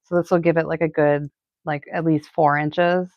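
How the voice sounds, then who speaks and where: Middle-aged boston lady rambling away on a craft livestream, kinda low voice, dry sound. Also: little pitch movement, moderate pace, no room sound, muffled recording. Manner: chatty and rambling, many "like" fillers. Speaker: florist hosting a live stream. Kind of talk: casual live-stream chat while crafting.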